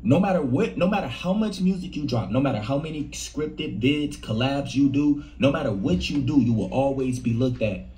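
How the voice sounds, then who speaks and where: A man's voice: mid-range voice, animated, normal speed, few pauses, a little mellow. A man hosting a casual commentary video, mocking and conspiratorial in tone. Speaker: host.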